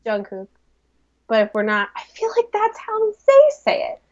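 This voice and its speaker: Chatty high-voiced American podcast woman. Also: wildly swooping pitch, normal speed, darkish tone, highs cut off. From United States. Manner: self-deprecating, chatty, trails off with "like". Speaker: podcast co-host. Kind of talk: casual chat.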